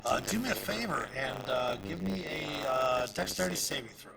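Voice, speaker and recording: A man running a live tabletop game as dungeon master, halting and full of fillers. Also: a little high, animated, vocal fry, over a noisy crowd.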